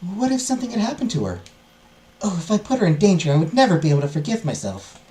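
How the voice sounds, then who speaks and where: A man's voice: high voice, very animated, fast, a little mellow, pitched above the performer's own voice, poor audio. A man voicing an anxious, proud young noblewoman who frets and worries. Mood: fretful. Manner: fretful, worried.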